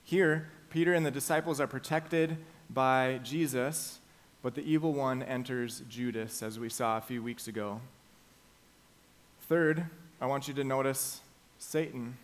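A male pastor gives his morning sermon in a medium-pitched voice. He is emphatic and lets the key phrases slow down and land. He walks his listeners through the passage point by point.

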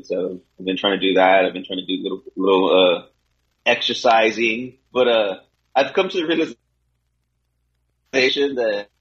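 A middle-aged man co-hosting a podcast in casual chat, swearing freely and getting excitable in his rants. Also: fairly low pitch. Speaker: podcast co-host. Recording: dull, lo-fi sound.

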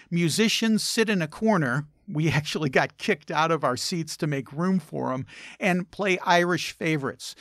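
A man's voice: a little high, a bit bright, no room sound, studio quality. A man hosting a travel and food show, narrating wry anecdotes in a scripted style.

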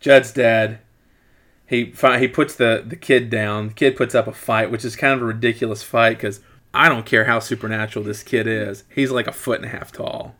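A man's voice: medium pitch, moderate pace. A man casually recapping a movie plot as a podcast co-host, with wry asides. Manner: animated retelling with wry asides.

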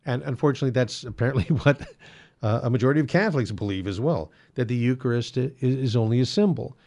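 Male host, gravelly mid-pitched voice, casual teaching monologue full of ums and restarts. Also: fast talker, darkish tone. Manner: conversational, frequent fillers and restarts. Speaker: Catholic apologetics host.

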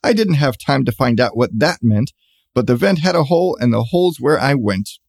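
A man's voice: medium pitch, lively intonation, brisk, vocal fry, no echo. A man reading a rhyming children's storybook aloud with a bouncy cadence.

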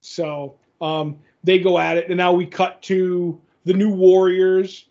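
High-voiced rambling man recapping comics. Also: little pitch movement, takes it slowly, mellow, highs cut off. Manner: rambling, many fillers, restarts and acted quotes. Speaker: podcast co-host. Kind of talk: casual chat recapping a comic.

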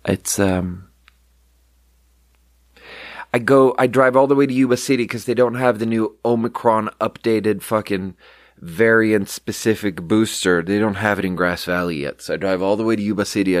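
A man's voice: fairly low pitch, moderate pace, no room sound, studio quality. A young man rambling candidly through personal stories on his podcast, swearing freely. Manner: candid, swearing, storytelling with quoted voices. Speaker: podcast host. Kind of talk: casual rambling monologue.

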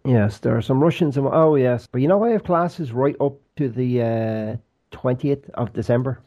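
A man's voice: mid-range voice, normal speed, mellow. A man co-hosting a podcast, chatting casually with dry, joking banter. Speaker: podcast co-host. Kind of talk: casual chat. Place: rented flat abroad.

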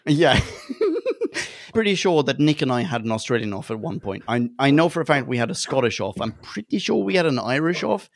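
A man hosting a podcast in casual, chatty conversation, animated and quick to laugh. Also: mid-range voice, vocal fry, no room sound, studio quality. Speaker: podcast host.

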